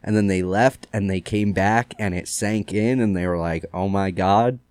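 A man's voice: on the low side, normal speed, no room sound. A man hosting a casual true-crime podcast, retelling the case loosely with lots of "like" fillers. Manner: relaxed storyteller with many "like" fillers. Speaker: podcast host.

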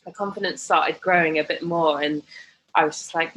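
A woman's voice: on the low side, brisk, a bit bright, a little hiss or hum, poor audio. Chatty woman in her thirties. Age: 30s. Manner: chatty, lots of "like" and "kind of", acts out quoted voices. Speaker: blogger and guest. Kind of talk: candid conversational storytelling.

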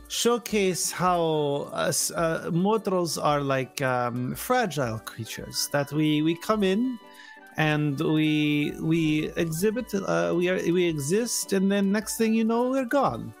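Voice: medium pitch, animated, slow pace, gravelly, faint music behind. Game master putting on an odd art lover with a fake French accent. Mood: musing. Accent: put-on French slipping Eastern European. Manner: hesitant, rambling, full of ums. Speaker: passerby in a fantasy town. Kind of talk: improvised tabletop role-play.

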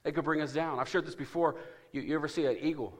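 A man's voice: fairly high pitch, steady tone, quick pace. A man preaching a sermon as pastor, emphatic and calling out to his congregation for responses. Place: church.

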